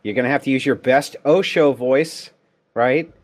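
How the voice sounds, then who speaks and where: A man's voice: medium pitch, moderate pace. A man teasing and egging someone on in casual chat.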